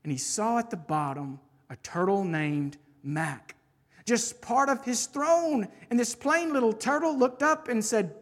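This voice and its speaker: Expressive woman preacher reading a rhyming tale. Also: on the high side, measured pace. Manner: expressive, rhythmic storytelling. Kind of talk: reading a rhyming children's story aloud.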